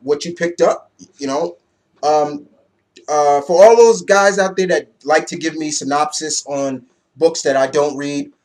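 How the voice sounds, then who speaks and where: A young man giving a casual, excitable comic book review, loose and swearing freely. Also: a little high.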